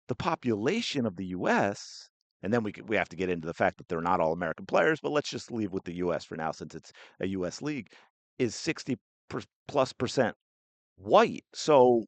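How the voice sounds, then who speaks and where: A man's voice: medium pitch, no echo. A man hosting a sports podcast, giving heated, indignant solo commentary.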